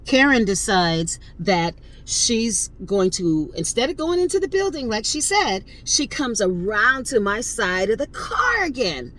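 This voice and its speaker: This woman's voice sits a little high, moving at a measured pace with few pauses, and the audio quality is poor. A fifties-aged podcast host, she tells a story with casual emphasis and animation, talking right to her audience.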